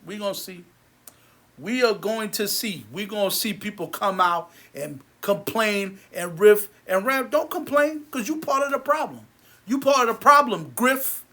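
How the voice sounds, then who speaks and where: A man and movie theater owner ranting angrily to camera, heated and repetitive, his voice sinking low and quiet between outbursts. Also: expressive, measured pace. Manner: repetitive, many restarts. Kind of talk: angry rant to camera.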